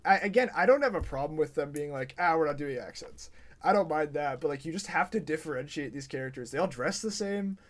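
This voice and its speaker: A man in casual podcast chat about a film, with a voice a bit higher than most men. He stumbles over his first words and laughs easily. Then he rushes through his point with animated energy. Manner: laughing, halting starts, then fast animated runs. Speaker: podcast co-host.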